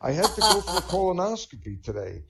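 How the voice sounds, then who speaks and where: A man's voice: high-pitched, big pitch swings, fast, creaky, fairly bright tone. A man telling corny proctologist jokes at an online stand-up night, chuckling at his own punchlines. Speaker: comedian. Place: online voice chat room.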